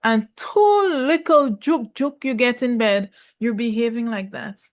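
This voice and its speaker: A young woman giving sassy, emphatic commentary on a reality show, repeating words for effect. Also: on the high side. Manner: sassy, emphatic, drawn-out repetitions. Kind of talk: casual opinionated commentary.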